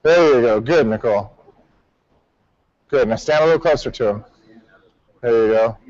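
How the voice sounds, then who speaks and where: A man's voice: mid-range voice, normal speed, no echo, muffled recording. Commanding martial arts instructor, man. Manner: commanding, drills with sharp counts. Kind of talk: class instruction.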